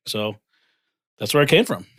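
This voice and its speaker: A man's voice: mid-range voice, moderate pace, dry recording, clean studio sound. A man in his forties telling his career story in a casual interview, acting out the voices of the people in it. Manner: animated, acts out dialogue in quotes. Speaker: guest, financial firm co-founder.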